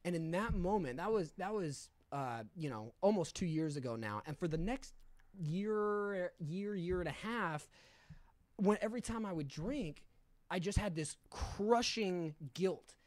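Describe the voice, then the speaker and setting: A man's voice: sits high, animated, measured pace, no echo. A young man telling a candid story in casual talk, full of swearing and fillers. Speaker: podcast guest.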